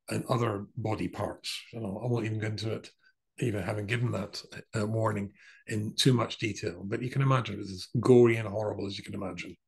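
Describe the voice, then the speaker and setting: A man with a fairly low, gravelly, darkish voice, a rabbi, tells a long personal story anecdotally, drifting into asides and restarting often. The audio is poor.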